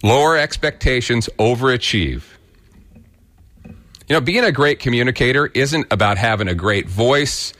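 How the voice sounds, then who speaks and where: A man's voice: medium pitch, lively intonation, moderate pace, a bit bright. A man from Kansas with a rural Kansas accent, giving blunt, folksy opinion commentary as a radio host.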